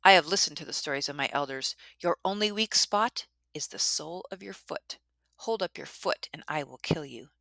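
A woman's voice: low voice, lively intonation, normal speed, gravelly, fairly bright tone, no echo, heavily acted. A woman voicing a determined young male hero, speaking firmly and insistently. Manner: firm, insistent.

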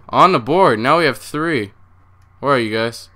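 Bright-voiced young man, jumpy game commentary. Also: mid-range voice, lively intonation, unhurried. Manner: jumpy, swears a lot, talks to viewers. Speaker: gaming channel host.

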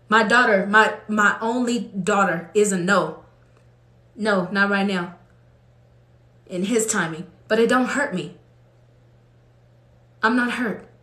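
A woman preaching with emotion, building to fervent, high-pitched exclamations as she speaks to her listeners. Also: a bit bright, roomy sound. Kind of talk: impassioned preaching.

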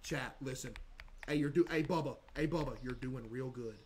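A man's voice: moderate pace, slight background noise. A man streaming a shop-management game, chatting playfully. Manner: playful, switches to a sugary high shopkeeper voice for customers. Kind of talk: gaming livestream commentary.

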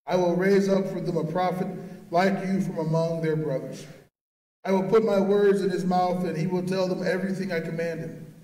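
A man's voice: sits high, fairly even intonation, moderate pace, dark tone, pitched above the performer's own voice, lightly acted. A man voicing the Lord, solemn and commanding, in a scripture reading. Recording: echoey church from far off.

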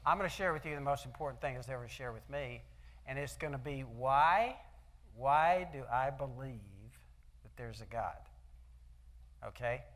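With a medium-pitched, slightly bright voice at normal speed, an older man motivates an event hall audience, sharing folksy personal stories and posing rhetorical questions as the event's speaker.

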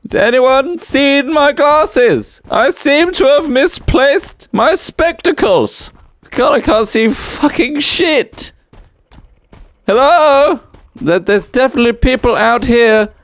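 A man's voice: extremely high pitch, lively intonation, slow pace, fairly bright tone, dry recording, exaggerated voice. A man putting on the voice of a nearsighted man who has lost his glasses, fussy and prim. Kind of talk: playful put-on voice while gaming.

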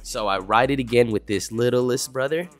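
A man's voice: mid-range voice, normal speed, faint music behind. A young man in his twenties chatting on a livestream, laid-back and swearing a lot as he reacts to chat. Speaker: streamer.

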